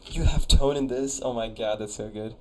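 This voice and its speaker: His voice is medium in pitch, fairly bright and steady, at a normal speed, with a little hiss or hum in the audio. He's a young college man streaming live and judging viewers' conlangs, laid-back and chatty as he reads their messages out and sounds out the invented words.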